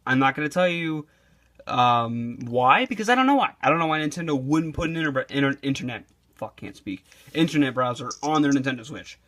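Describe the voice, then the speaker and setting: A man's voice: mid-range voice, fairly quick, a bit bright. A young man giving a rambling, casual review with frequent swearing, saying he is losing his voice. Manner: rambling and casual, swears often, many fillers. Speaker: video reviewer.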